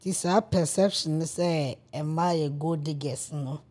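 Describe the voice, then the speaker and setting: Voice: mid-range voice, a little slow, a little mellow. A radio host, interviewing a guest, adding short responses and summing up the guest's points. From Ghana. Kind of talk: radio talk-show interview.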